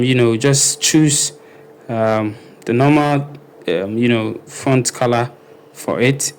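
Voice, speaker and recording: A man talking casually through a screen-recorded web design tutorial, thinking aloud and filling pauses with ums and okays. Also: medium pitch.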